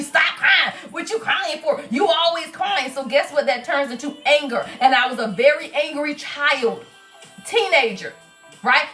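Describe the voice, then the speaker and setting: A woman giving a casual livestream tarot reading in an animated, preachy way, often checking in with "right?" and "y'all". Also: sits high, far from the mic. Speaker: tarot reader and spiritual advisor.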